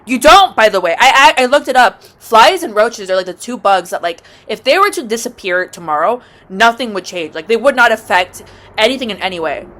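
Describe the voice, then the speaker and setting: A woman's voice: expressive, a little fast. Profane, dramatic woman ranting. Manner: dramatic, swears constantly; swings from loud outbursts to low mutters. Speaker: vlogger. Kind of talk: storytime rant.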